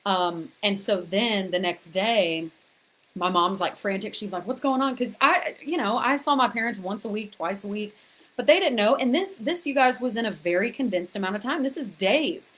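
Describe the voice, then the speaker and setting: A woman's voice: medium pitch, lively intonation, moderate pace, a bit bright. A woman frankly recounting her own experiences to viewers in a chatty, direct way, often restarting and repeating words as she talks. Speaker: author sharing her story. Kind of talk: candid personal storytelling to camera.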